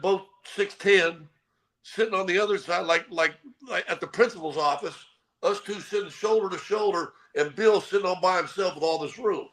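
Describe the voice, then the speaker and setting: Animated older man telling sports stories. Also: high voice. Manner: storytelling, animated, repeats words. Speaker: co-host. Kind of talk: casual sports talk.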